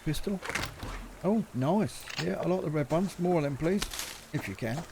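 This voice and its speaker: A man gives running commentary on a survival game, muttering to himself and swearing mildly. His voice sits a touch high but has a gravelly, crackly edge. A clear hiss of noise runs under the recording. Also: expressive, normal speed. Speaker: gaming channel host.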